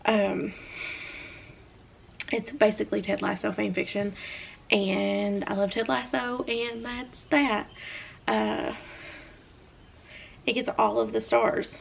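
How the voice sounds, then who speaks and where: A woman's voice: medium pitch, takes it slowly, vocal fry, pauses often, slight background noise. A young woman with a Southern US accent, chatting casually about books she has read, with lots of fillers. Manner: chatty, animated hand talker with many fillers. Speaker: book reviewer. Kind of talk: casual chat.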